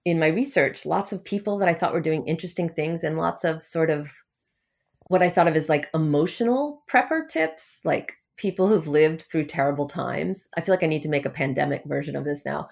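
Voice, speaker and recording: A woman's voice: sits low, brisk, gravelly. A woman novelist answering interview questions in a casual, wry way, laughing now and then as she talks. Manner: wry, self-deprecating, laughs often. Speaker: novelist guest.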